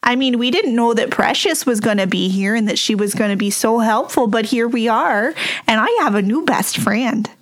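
A woman with a somewhat high voice plays a tabletop game with friends. She talks in a bubbly, eager and chatty way. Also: normal speed. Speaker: player. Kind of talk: casual game play chat.

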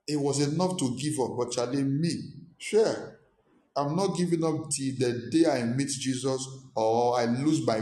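A man's voice: medium pitch, a little mellow, echoey room, a little hiss or hum. A man preaching a motivational sermon, who talks emphatically, repeats short commands and acts out the voices of his listeners.

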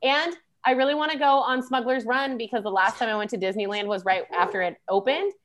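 A woman co-hosting a podcast in casual chat, chatty and excitable, laughing often. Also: on the high side, fast talker. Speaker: podcast co-host.

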